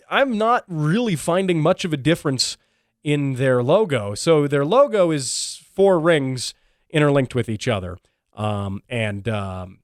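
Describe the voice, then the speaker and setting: A man's voice: on the high side, dry recording, studio quality. A man hosting his own car radio show and podcast, talking casually and wryly with many ums and restarts. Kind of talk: casual solo podcast commentary.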